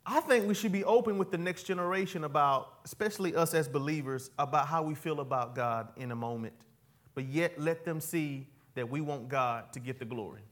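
A pastor preaching a sermon in church, swinging from loud cries to quiet, folksy asides aimed at the congregation. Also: male voice, a little high, brisk. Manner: folksy, talks straight to the congregation.

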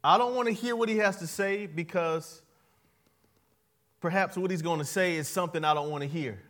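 High-voiced man preaching with call-and-response. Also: moderate pace. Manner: call-and-response preaching, swings from soft asides to loud emphatic lines; playful, laughs at his own jokes. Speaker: pastor. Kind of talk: sermon.

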